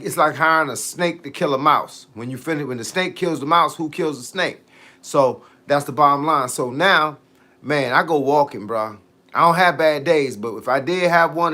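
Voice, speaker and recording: On a fitness livestream, this middle-aged man speaks at a fairly high pitch with a sharp edge. Easygoing and slangy, he works through viewer comments, replying casually and drifting into long tangents.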